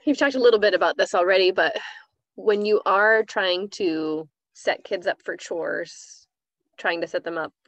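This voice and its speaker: Low, gravelly woman podcast co-host. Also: normal speed, no echo. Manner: relaxed, asks questions, short agreeing replies. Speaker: wellness coach and podcast co-host. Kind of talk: casual podcast chat.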